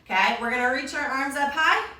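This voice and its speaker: Upbeat high-voiced woman in an echoey room. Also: a little fast, pushed and bright, recorded from a distance. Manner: upbeat, encouraging, talks to kids as friends. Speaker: kids yoga instructor. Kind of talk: guided yoga for children.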